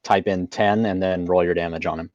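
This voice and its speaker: A man's voice: low-pitched, fairly even intonation, a little fast, a little mellow, dry recording, lo-fi sound. A man in an online tabletop game, patiently explaining step by step what to click. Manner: gives patient step-by-step instructions. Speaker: player.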